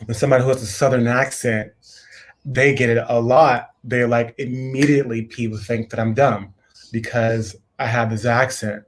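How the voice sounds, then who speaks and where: A man's voice: medium pitch, normal speed, slight background noise. A man co-hosting a casual coaching chat, telling stories animatedly and quoting other people. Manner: animated storytelling with quoted voices. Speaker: co-host coach.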